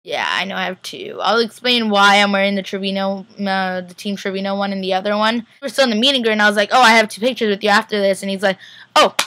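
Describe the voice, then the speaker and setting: A woman's voice: medium pitch, fast, pushed and bright, no echo. A young woman vlogger casually rambling through a recap, full of "like" and acted-out quotes. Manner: rambling, heavy use of "like", acts out quotes.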